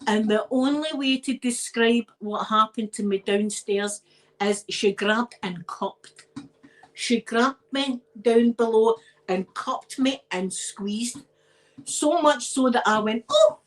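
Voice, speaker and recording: A Scottish woman, host of her own channel, telling personal stories in a chatty, animated way and laughing often. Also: fairly high pitch, takes it slowly, rough recording. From Scotland. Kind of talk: casual storytelling chat.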